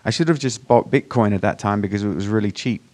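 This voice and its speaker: A man from Virginia with an accent that mixes American and British, giving a casual, self-deprecating startup pitch to a conference audience with many fillers and restarts. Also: fast talker, darkish tone. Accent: mixed American and British. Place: conference room before a live audience.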